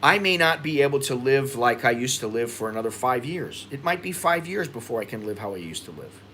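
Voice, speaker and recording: American guy, vlog host, bright forward tone, rambling, frustrated, faint background noise. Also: mid-range voice, expressive, a little fast. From United States. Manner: rambling, frustrated, repeats himself. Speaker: expat vlogger. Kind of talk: livestream chat reading viewer comments.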